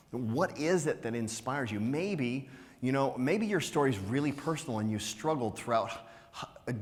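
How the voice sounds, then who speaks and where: Energetic male conference speaker in a reverberant hall. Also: mid-range voice. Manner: energetic, teasing, asks rhetorical questions with frequent "right?". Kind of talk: motivational business talk to a live audience.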